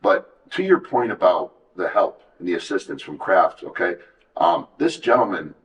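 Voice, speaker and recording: A man's voice: sits low, big pitch swings, moderate pace, recorded from a distance, poor audio. A man telling his story as an interview guest, candid and emphatic, often acting out what others said to him. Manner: earnest, emphatic, reflective, quotes others in dialogue.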